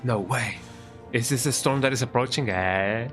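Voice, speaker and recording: A man's voice: medium pitch, normal speed, a bit bright. A man streams a game and chats loosely and playfully, often tagging his lines with "eh?". His voice sits in the middle range. Game music runs underneath. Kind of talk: casual live-stream commentary.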